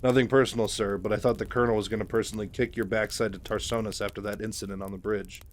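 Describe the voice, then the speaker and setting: A man's voice: on the low side, steady tone, fast talker, a little hiss or hum, close to an everyday voice. A man voicing a composed, dutiful woman army lieutenant with a formal, polite manner in a story recap.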